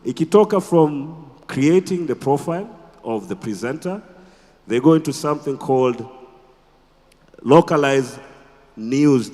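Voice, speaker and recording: A man with a Tanzanian accent giving a conference talk as a radio presenter, animated and quizzing the audience with rhetorical questions. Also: mid-range voice, long reverb tail. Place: conference hall.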